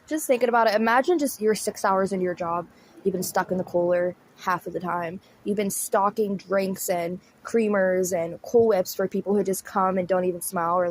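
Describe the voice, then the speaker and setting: A woman's voice: fairly low pitch, slight background noise. A woman chatting casually and laughing often as she comments on a clip. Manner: chatty, giggly, slangy. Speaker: commentary YouTuber.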